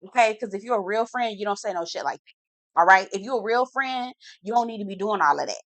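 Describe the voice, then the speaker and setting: A reality TV recap comes from a woman with a medium-pitched voice, recorded without any room sound. She's lively and blunt, heavy on slang, and she draws out words to hammer home her sassy opinions.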